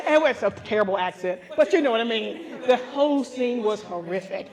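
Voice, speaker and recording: Animated older woman pastor telling comic stories. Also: high-pitched, fairly quick, few pauses, crowd noise. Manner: animated, acts out voices, laughing often. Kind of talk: comic storytelling to a women's gathering. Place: live gathering.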